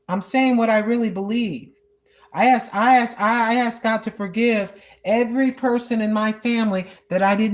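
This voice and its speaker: A woman in her sixties vlogging on a walk, speaking earnestly about prayer in a repetitive, preacherly way. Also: medium pitch. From United States. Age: 60s. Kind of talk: spoken prayer and testimony while walking. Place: outdoors on a walk.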